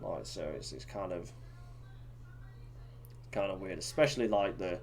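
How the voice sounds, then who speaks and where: A man co-hosts a podcast in a low, darkish voice, talking a little slowly. His chat is casual and rambling, with plenty of fillers and restarts.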